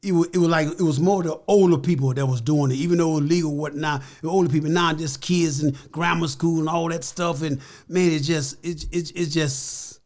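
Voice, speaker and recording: A man's voice: a little high, fairly even intonation, a little fast, hardly any pauses, a little mellow. An older American man talking as a guest in a casual interview, earnest and full of "you know" and "like I said.".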